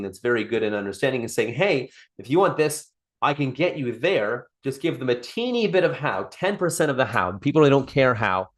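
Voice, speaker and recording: A man coaching a small group on sales over a call, talking off the cuff, repeating and restarting phrases and acting out sample dialogue. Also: mid-range voice. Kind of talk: live online coaching session.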